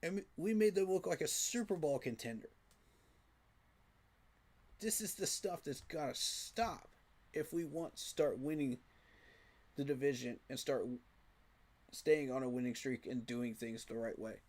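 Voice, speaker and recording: A man's voice: mid-range voice, measured pace, pauses often, darkish tone. A man giving a frustrated, emphatic postgame reaction rant, repeating his points for emphasis. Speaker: sports fan commentator.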